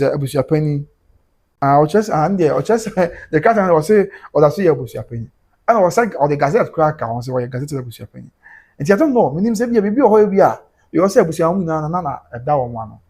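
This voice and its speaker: A Ghanaian man hosting a livestream, animated, switching between Twi and English while reading out viewer comments. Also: a little high, quick pace, husky. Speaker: host.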